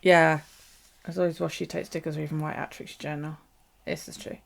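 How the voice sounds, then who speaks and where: A woman chats loosely through a crafting stream, jumping between thoughts and dropping casual swears. Her voice has a gravelly, creaky edge, and she often laughs at herself mid-story. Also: low-pitched, little pitch movement, fast. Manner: chatty, rambling, swears freely, laughs at herself. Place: home craft space.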